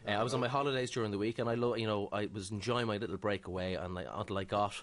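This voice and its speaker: Irish radio producer reading out a story, rattles along quick, mock serious. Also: male voice, lowish voice, steady tone. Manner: fast, mock-stern, reads aloud. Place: radio studio.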